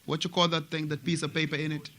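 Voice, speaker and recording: A man from Africa teaching a religious class at a mosque, animated and repetitive, often asking his students questions. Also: on the high side, fast. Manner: animated, repeats words and asks students questions.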